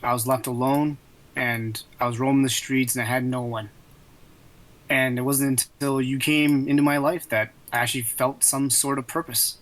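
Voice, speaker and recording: A man playing a tabletop game, speaking in character with an earnest, deliberate manner. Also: mid-range voice, level tone, a bit bright, poor audio. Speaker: player.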